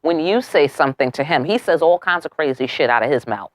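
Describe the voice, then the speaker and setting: A woman's voice: low voice, lively intonation, fairly quick, no room sound. A young woman giving a casual tarot reading, brash and profane, firing off rhetorical questions and tagging "okay?" onto her lines. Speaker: tarot reader.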